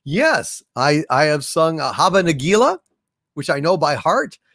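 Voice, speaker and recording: Reading out viewer messages on his casual stream, this male host salutes donors with grand, effusive hails and hums small fanfares. His voice is on the high side and a bit bright, very animated yet measured in pace, recorded in studio quality with no room sound.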